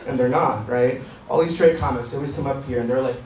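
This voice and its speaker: A man doing stand-up comedy on a club stage, with a deadpan, edgy, self-mocking delivery. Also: mid-range voice, fast talker, a little hiss or hum. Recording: roomy club sound from far, crowd laughter.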